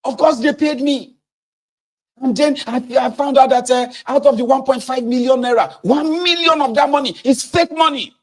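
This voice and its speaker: A man's voice: extremely high pitch, normal speed, pitched above the performer's own voice. A man voicing an outraged male trader ranting in disbelief. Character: furious exasperated male trader.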